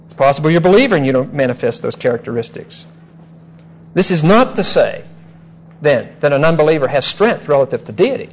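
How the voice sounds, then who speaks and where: A man teaching a Bible passage verse by verse, measured and emphatic, explaining Greek grammar. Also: a little high, very animated, low-quality recording. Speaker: preacher.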